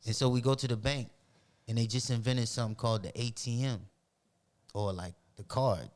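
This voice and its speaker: A man from Roxbury, telling animated, profane stories as a podcast guest in casual talk. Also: mid-range voice, normal speed. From Roxbury, Boston. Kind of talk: casual storytelling.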